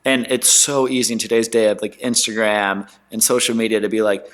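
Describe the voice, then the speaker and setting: Man, twenties, low-ish voice, animated, slangy, casual interview storytelling. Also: brisk. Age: 20s. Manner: animated, slangy, mimics others in quotes. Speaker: guest entrepreneur.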